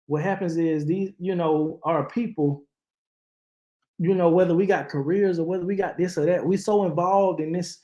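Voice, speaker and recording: A man's voice: fairly high pitch, dark tone, reverberant. A man, hosting casual commentary, impassioned and preachy with many restarts. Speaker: channel host reacting to news. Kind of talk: casual commentary, live-stream style.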